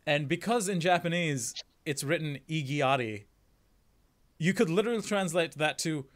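A man hosting a casual game stream, joking with his guest and dropping into quiet mumbled asides. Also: a little high, normal speed. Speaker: streamer host.

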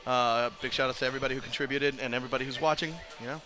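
A man commentating a live fighting game tournament and hosting the winner's interview, excitable and joking, shouting at big moments. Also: mid-range voice, very fast, loud music behind the voice. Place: arcade tournament venue.

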